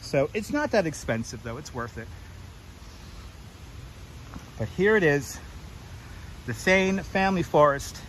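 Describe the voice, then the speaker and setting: A man's voice: fairly high pitch, sing-song, normal speed, fairly bright tone, slight background noise, poor audio. A man hosting a chatty walking livestream outdoors, greeting viewers and reading signs aloud on a clip-on mic. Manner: chatty, jokey, reads sign text aloud, greets viewers. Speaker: livestream host. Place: outdoors in a forest garden. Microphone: wireless clip-on mic.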